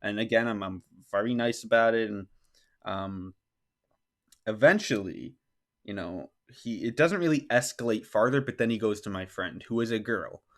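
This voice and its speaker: A man's voice: on the low side, moderate pace, fairly bright tone. A man hosting a podcast who tells a personal story in a casual, rambling way. He says "like" often and acts out what people said. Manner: rambling, heavy use of "like", acts out quotes. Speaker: podcast host.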